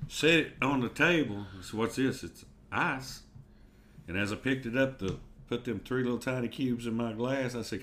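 A man's voice: mid-range voice, normal speed, a bit bright, slight background noise. A man, telling a story in laid-back, casual chat.

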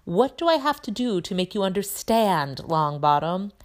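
A woman's voice: lowish voice, expressive, normal speed, lightly acted. A woman reading aloud and voicing a cold, sneering male potions teacher in a cutting manner. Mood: scornful.

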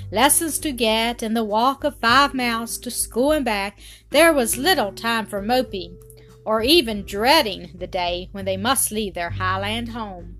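A woman with a fairly high voice reading a storybook aloud, steady and clear. Soft music plays faintly behind her. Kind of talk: storybook narration.

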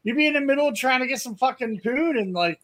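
Male co-host, higher voice, foul-mouthed rowdy storyteller, casual podcast banter. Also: lively intonation, fast. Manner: profane, rowdy storytelling with loud put-on quotes. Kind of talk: crude casual chat.

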